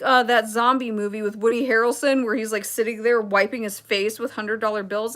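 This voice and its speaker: A woman's voice: on the high side, fairly even intonation, a little fast, hardly any pauses, a bit bright. A young adult woman hosting a casual livestream, reading chat and talking in a blunt, sarcastic, rambling way with asides.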